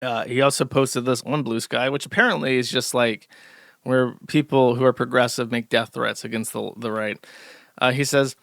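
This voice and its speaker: Sarcastic male commentary host, bright voice. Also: medium pitch, fairly even intonation, moderate pace, gravelly, dry recording, studio quality. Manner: sarcastic, mocking. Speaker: show host. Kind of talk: casual commentary.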